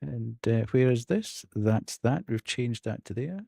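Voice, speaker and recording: A man doing live game commentary for his viewers, with a lively voice that rises and falls widely. He talks at an unhurried pace, chatting loosely and breaking into laughter often. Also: medium pitch, gravelly, dry recording, studio quality. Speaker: streamer.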